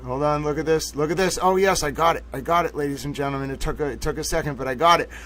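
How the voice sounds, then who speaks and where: A fairly high-voiced man hosts a live stream with playful, theatrical commentary. He slips into a mock nature-documentary narration and keeps calling out to his viewers in a showman's way. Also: fast talker. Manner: repeats "ladies and gentlemen" often. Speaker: livestream host.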